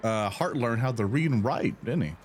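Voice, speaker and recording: A man's voice: medium pitch, expressive, normal speed, a little mellow, a little hiss or hum. Laid-back man game master. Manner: loose, chatty, laughs easily. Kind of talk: narrating a tabletop game.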